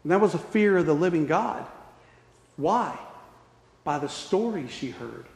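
Male preacher, high-pitched, impassioned delivery that dips to near-whispers, roomy reverberant hall. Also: expressive, unhurried. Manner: passionate, swings between loud emphasis and hushed tones. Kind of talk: sermon. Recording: echoey hall.

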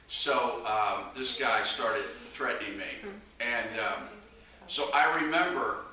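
A man's voice: medium pitch, bright, forceful tone. A man preaching a personal testimony, earnest and urgent as he exhorts his listeners. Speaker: evangelist preacher. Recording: very echoey room, mic far off, faint noise.

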